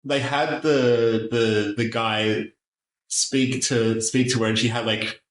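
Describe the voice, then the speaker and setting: A man's voice: mid-range voice, steady tone, slow pace. A man hosting a casual chat, rambling with lots of fillers and restarts. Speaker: podcast host. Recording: echoey room.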